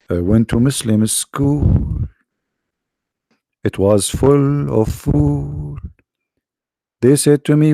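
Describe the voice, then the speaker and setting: Tired, hoarse male stream host, gravelly and taunting, dry close mic. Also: mid-range voice, very slow, long pauses, warm tone, dry recording. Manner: sarcastic, taunting. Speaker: host of a live debate stream. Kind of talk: casual mocking live-stream talk. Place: quiet room at home.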